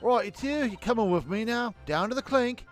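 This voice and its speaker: A man voicing a plucky, bossy street girl, brash and commanding in a high, loud voice. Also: expressive, normal speed, faint music behind.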